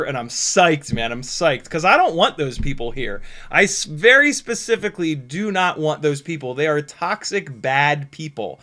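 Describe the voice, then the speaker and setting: A man hosting a casual livestream, ranting sarcastically and profanely with frequent laughs and big swings in loudness. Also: on the high side. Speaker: YouTube host.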